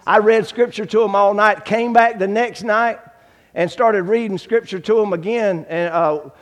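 A man giving a testimony sermon, acting out the dialogue in his story and swinging from hushed to shouting. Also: sits high, fairly even intonation, normal speed, big-room sound. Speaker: guest preacher giving testimony.

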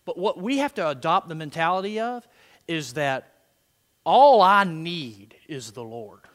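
A middle-aged man preaching a sermon, swinging between soft, murmured prayer lines and loud, emphatic declarations. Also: on the high side, lively intonation, unhurried. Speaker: pastor. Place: church sanctuary. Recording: long hall reverb.

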